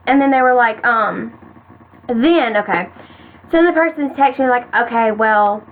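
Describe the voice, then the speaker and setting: A woman's voice: a little high, normal speed. A woman in her late teens telling a personal story to the camera in casual storytime style, full of "like" and "you guys". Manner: chatty, many "like"s, keeps addressing "you guys". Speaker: vlogger. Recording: tinny phone-like audio, faint hiss.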